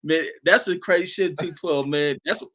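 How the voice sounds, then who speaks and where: A man's voice: fairly high pitch, normal speed. Profane, laughing man telling army stories. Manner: profane, laughing, animated storytelling. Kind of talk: casual storytelling chat.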